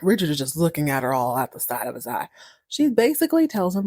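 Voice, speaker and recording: A woman's voice: low voice, fast talker, no echo, clean studio sound. A woman hosting a podcast, casually recapping a soap opera episode with slang and frequent laughter. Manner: animated, slangy, laughs often. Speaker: podcast host.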